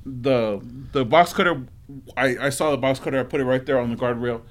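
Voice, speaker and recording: A man's voice: mid-range voice, fairly quick. A man as guest co-host on a casual podcast, a rambling storyteller who acts out his own reactions. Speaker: guest co-host, former bouncer.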